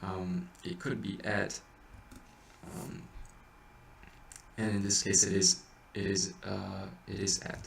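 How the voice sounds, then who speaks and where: A man's voice: deep voice, completely flat delivery, takes it slowly, vocal fry, pauses often. A man explaining how to point a chant, thinking aloud with restarts and singing short examples. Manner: thinks aloud, hesitant with many restarts, breaks into sung examples. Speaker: chant teacher. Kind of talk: informal music lesson. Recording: echoey room, mic at a distance, faint hiss.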